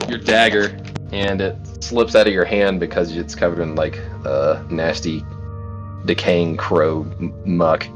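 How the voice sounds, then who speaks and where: A young man with a very deep voice runs a tabletop game as its narrator. He talks loosely, with plenty of "like" and "uh", and breaks into laughs. Faint music plays behind him. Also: steady tone, a little slow, highs cut off. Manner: laid-back, laughs often, fillers like "like" and "uh". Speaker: game master.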